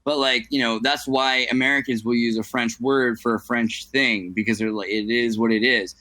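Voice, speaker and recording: A man's voice: mid-range voice, fairly even intonation, moderate pace, pushed and bright, no echo. A man in casual podcast chat, talking in long digressive runs and tossing in French phrases.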